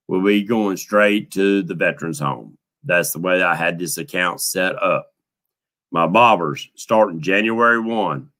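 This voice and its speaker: A middle-aged man from the United States runs a fishing channel and hosts a relaxed live stream, thanking his viewers by name in a warm, folksy way. He has a low voice with a sharp tone.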